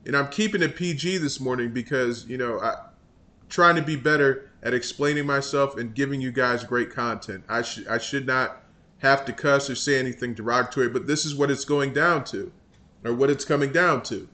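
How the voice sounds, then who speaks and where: A man's voice: mid-range voice, moderate pace, pushed and bright. Exasperated male political commentator. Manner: exasperated, scornful, rambling with restarts.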